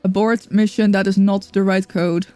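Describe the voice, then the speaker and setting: A woman's voice: medium pitch, little pitch movement, moderate pace, mellow, no room sound. A woman streams a game from her room at home, chatting casually and greeting viewers by name. She breaks off to coo at her cat. The sound is dry and close, with faint music underneath. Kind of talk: casual live-stream chat.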